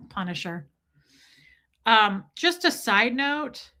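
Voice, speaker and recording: A woman's voice: on the high side, sing-song, extremely slow, bright, forceful tone. A middle-aged woman hosting a casual livestream, chatting confidingly and greeting viewers by name. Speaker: livestream host.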